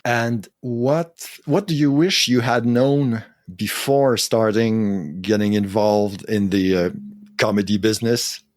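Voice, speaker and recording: A man hosting a podcast, asking interview questions in a measured, thoughtful way. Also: lowish voice, fairly even intonation, dry recording, clean studio sound. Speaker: podcast host.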